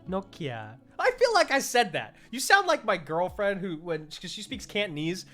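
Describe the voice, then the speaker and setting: A man's voice: high voice, sing-song, normal speed, bright, forceful tone, faint music behind. A man in his thirties casually chatting with his live stream audience while waiting to cast an esports match, answering chat and joking about himself.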